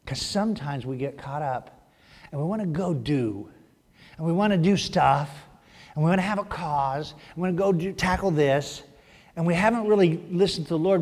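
A high-pitched man delivers an animated sermon in a church sanctuary, his voice carrying a long hall reverb. He swings between loud bursts and hushed asides, acting out the voices he quotes. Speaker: pastor.

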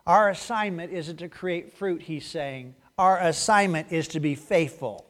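A male pastor giving a conversational sermon, shifting between animated stretches and hushed asides. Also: a little high, measured pace, hardly any pauses.

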